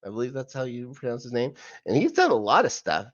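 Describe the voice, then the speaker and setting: Male podcast co-host, casual rambling recapper, very animated pitch. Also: fast talker, dry recording, lo-fi sound. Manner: chatty, rambling recap full of fillers and asides. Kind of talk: casual rewatch recap chat.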